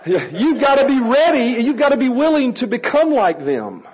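A man teaching a room of adults how to work with children, energetic and playful, coaxing the audience to join in. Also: very high voice, moderate pace, rough recording. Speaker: children's ministry trainer. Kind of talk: lively teaching talk to an audience.

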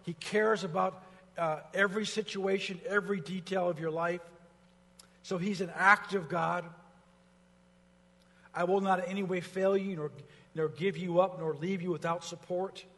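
Fervent high-voiced male preacher. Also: steady tone, moderate pace, pauses often, fairly bright tone, big-room sound. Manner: preaching with rising fervor, repetition. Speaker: pastor. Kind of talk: sermon.

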